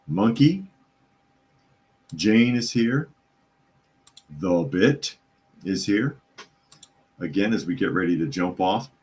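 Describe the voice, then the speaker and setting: A deep-voiced man hosts a live news podcast from his home. He talks casually and drops sarcastic, chatty asides while he reads out articles. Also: a little hiss or hum. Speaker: podcast host. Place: hot home room with a loud computer fan.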